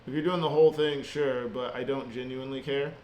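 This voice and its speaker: A man's voice: medium pitch, steady tone, fairly quick, a little mellow. A man coding at home, venting in a casual, rambling monologue, swearing freely and sounding frustrated. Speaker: software developer vlogger. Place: home basement room. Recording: roomy echo with faint hum.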